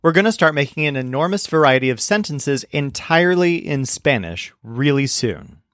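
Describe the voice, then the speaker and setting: A man narrating a scripted language lesson, explaining clearly and slowing down to model example phrases. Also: a little high, animated, a bit bright, dry recording, studio quality. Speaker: language teacher.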